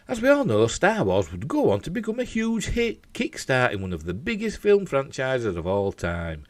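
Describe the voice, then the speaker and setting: A man's voice: mid-range voice, huge pitch swings, moderate pace, hardly any pauses, no room sound. A man with a Yorkshire accent hosting an entertainment news show, reading the story with jokey asides. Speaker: host.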